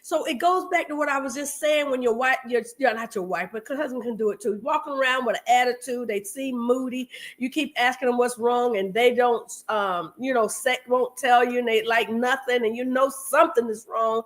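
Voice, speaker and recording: Congested, chatty woman with higher pitch. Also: moderate pace, few pauses. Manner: lively storyteller, addresses listeners directly. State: slightly congested from a cold. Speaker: marriage podcast co-host. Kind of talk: casual chat to listeners.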